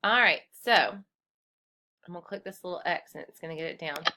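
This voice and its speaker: A woman's voice: on the low side, fairly quick, background noise. A woman teaching a kindergarten class through a screen-recorded computer lesson. She speaks in a cheerful, encouraging way and calls the children friends.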